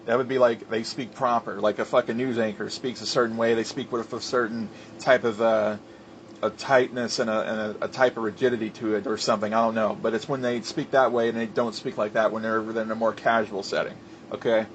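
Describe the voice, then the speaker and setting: A man's voice: on the low side, flat delivery, brisk, lo-fi sound, a little hiss or hum. A man giving a heated, profane wrestling commentary rant, with lots of fillers and restarts. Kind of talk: ranting commentary.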